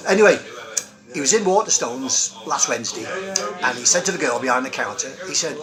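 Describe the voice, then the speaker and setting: Brief: upbeat male comic host, lively singsong voice, noisy pub crowd behind. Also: mid-range voice, brisk. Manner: cheery, rambling one-liner delivery. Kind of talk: joke-telling pub comedy. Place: busy pub.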